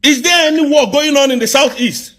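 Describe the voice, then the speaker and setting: A man with a Nigerian accent in an angry live rant, firing off accusing rhetorical questions and sometimes shouting. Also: very high-pitched, brisk. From southeast Nigeria.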